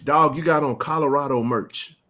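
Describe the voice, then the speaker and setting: A man hosting a live sports chat, ranting with passion and rising to shouts. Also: on the high side, normal speed. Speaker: sports talk show host.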